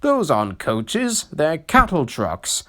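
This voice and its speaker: A man doing a conceited, grumbling little steam engine in a storybook, sulky and proud. His voice sits high and swoops about, and it sounds plainly put on. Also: huge pitch swings, takes it slowly, fairly bright tone, full character voice. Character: haughty, sulky young male steam engine. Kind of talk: storybook reading.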